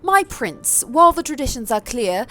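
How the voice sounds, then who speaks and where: A woman's voice: fairly high pitch, sing-song, moderate pace, bright, forceful tone, pitched above the performer's own voice. A woman voicing a composed, elegant vampire noblewoman in a put-on, old-fashioned posh accent, formal and refined. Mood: poised.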